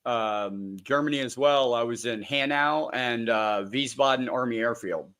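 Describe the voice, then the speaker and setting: A man hosting a podcast, excitable and chatty, filling his speech with "like". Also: medium pitch, measured pace, smooth. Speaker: podcast host. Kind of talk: casual podcast interview.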